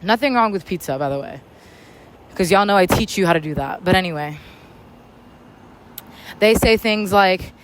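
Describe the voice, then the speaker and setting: Loud, candid woman podcast host. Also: medium pitch, expressive, normal speed, pauses often, slight background noise. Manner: loud, candid, slangy and profane. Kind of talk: casual motivational podcast monologue. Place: outdoors in a public spot near traffic.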